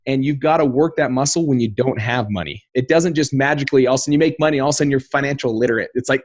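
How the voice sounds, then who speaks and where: A man in his thirties, a podcast guest, telling a personal story in an earnest, animated way and acting out the quotes. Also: mid-range voice, quick pace, hardly any pauses, no room sound.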